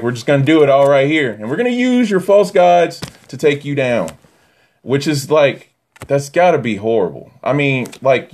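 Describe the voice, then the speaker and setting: A man giving a casual, animated Torah teaching that swings from near-yelling to quiet asides. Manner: animated, rising to near-yelling then dropping low.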